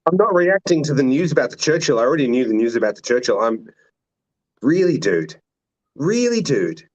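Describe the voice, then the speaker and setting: A man's voice: medium pitch, expressive, fast. A man hosting a casual chat, teasing and sarcastic. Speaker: host.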